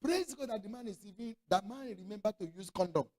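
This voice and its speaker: A man's voice: high voice, expressive, fairly quick, warm tone. A middle-aged male pastor preaching a sermon, telling stories with acted-out dialogue and throwing rhetorical questions to the congregation. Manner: storytelling preacher who acts out quoted dialogue.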